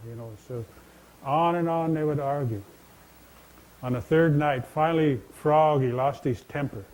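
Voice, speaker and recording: A man's voice: medium pitch, normal speed, a little mellow, low-quality recording. A man telling traditional legends to a live audience from a stage, folksy and conversational, speaking straight to his listeners. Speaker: storyteller and speaker. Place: stage in a large indoor venue.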